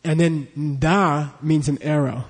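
A man's voice: fairly high pitch, fairly even intonation, takes it slowly, breathy edge. A man teaching a class, leading a pronunciation drill and patiently repeating syllables for students to echo. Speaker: language teacher. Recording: long hall reverb.

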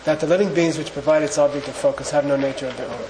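A man's voice: a little high, fairly even intonation, rapid-fire. A man teaching a class on Buddhist philosophy, talking casually, joking with the students and leading them in group recitation. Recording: echoey room with background noise.

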